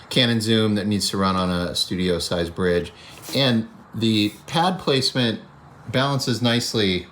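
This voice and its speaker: A man's voice: low-pitched, fairly bright tone. A man talking casually in a rambling, matter-of-fact way, narrating his travel vlog from the road. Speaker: cinematographer vlogger. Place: outdoors by a van on the road. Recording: noisy outdoor traffic ambience.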